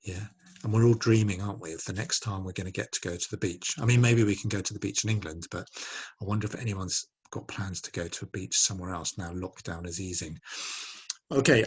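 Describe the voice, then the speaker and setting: A man's voice: lowish voice, husky. A man in his forties teaching a French lesson to children, patiently drilling pronunciation and encouraging them to repeat. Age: 40s.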